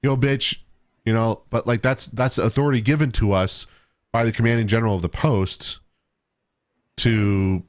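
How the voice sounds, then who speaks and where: Low-voiced man in casual chat. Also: moderate pace, dry recording, studio quality. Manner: steady, explanatory, frequent fillers. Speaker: podcast co-host.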